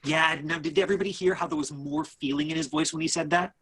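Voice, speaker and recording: A man with a slightly high, husky voice runs an online acting class. He stops and restarts often, padding his coaching with fillers. He sounds like he is on a video call. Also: steady tone, fairly bright tone, rough recording. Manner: halting, many fillers and restarts.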